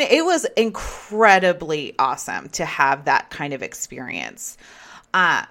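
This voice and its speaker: A woman in her thirties casually telling a personal story, chatty and animated, acting out what people said. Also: deep voice. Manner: chatty, animated retelling with acted-out quotes. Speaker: storyteller recounting her career. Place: Las Vegas area.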